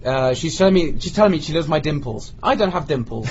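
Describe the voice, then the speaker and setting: Man, casual podcast storyteller, voice swings widely and sits a bit high; lo-fi recording with faint hiss. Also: fast. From Britain. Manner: animated anecdote-telling, acting out quoted lines. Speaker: podcast co-host. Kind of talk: casual storytelling among friends.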